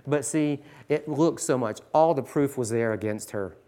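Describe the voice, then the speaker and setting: A man's voice: mid-range voice, normal speed, dark tone. A man in his forties, a teacher, earnestly teaching other teachers with scripture and stories. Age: 40s. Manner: earnest, pleading, reads scripture aloud.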